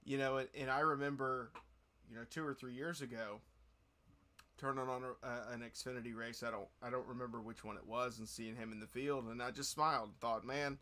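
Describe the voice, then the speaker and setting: A man's voice: mid-range voice, steady tone, brisk, pushed and bright. A man hosting a racing podcast, talking casually in long rambling thoughts with many restarts. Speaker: podcast host.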